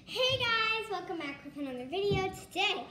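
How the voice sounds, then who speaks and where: Young girl, high voice, bossy, chatty, slime tutorial, noisy home recording. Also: sing-song, moderate pace, sharp tone. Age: child. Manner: bossy, chatty, directs her brother. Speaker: vlog host. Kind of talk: casual slime tutorial vlog.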